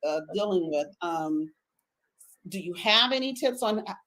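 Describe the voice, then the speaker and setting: A woman leads a panel chat, teasing her guests and nudging them along with quick affirmations. Her voice moves up and down a lot. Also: mid-range voice, expressive, a bit bright. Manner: playful, teasing, affirming with short responses. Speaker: panel moderator. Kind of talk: casual panel conversation.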